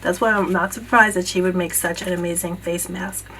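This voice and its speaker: A woman vlogger gushing over gifts in a casual unboxing video, bursting with excitement and often dropping to a hushed voice. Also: fairly low pitch, a little fast, slight background noise, rough recording. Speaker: beauty vlogger. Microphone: camera mic.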